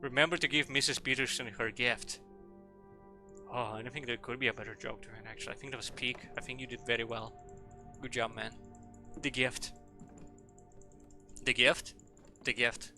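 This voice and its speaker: A man's voice: medium pitch, level tone, normal speed, gravelly, pauses often, over music. A man streaming a game, rambling and joking with casual swearing. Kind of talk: casual gameplay commentary.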